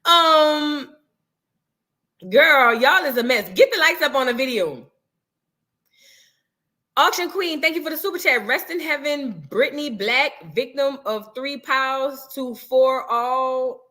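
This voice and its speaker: Hosting a casual livestream, a woman reads out super chats and thanks viewers, calling them "girl" and "boo." Her high voice is animated and sharp-toned but slow-paced, and she's chatty and sassy.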